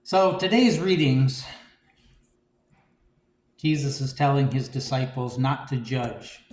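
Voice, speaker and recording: A man giving a conversational homily, relaxed and reflective, with frequent "you know" and "um". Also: medium pitch, slow pace, roomy sound. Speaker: preacher.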